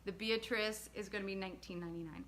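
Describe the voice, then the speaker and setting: A woman, an author, hosting a casual livestream and chatting with viewers, giving shout-outs and laughing asides. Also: medium pitch, fairly even intonation, fast. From lived in the US state of Georgia.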